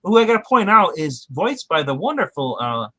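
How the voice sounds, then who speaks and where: A man's voice: a little high, very animated, moderate pace, bright, forceful tone, no echo, poor audio. A man co-hosting a podcast, giving a casual episode recap and animatedly acting out the characters' quotes. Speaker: podcast co-host.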